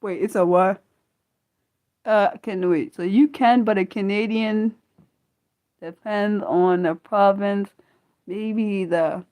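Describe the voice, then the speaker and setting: A woman hosting a casual unscripted livestream, rambling excitably with lots of quick questions and restarts. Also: mid-range voice. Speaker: livestream host.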